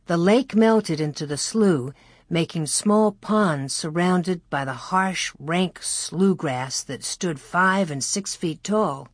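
An audiobook narrator reading a story in a slow, measured storytelling manner into a close studio mic. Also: medium pitch, dry recording. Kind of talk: scripted narration.

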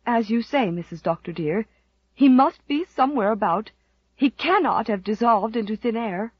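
A woman voices a devoted middle-aged housekeeper, anxious and stammering. Her lively pitch climbs and falls. The sound is dry and a little muffled. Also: moderate pace, slightly rough, dry recording. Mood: trembling. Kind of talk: audiobook character voice.

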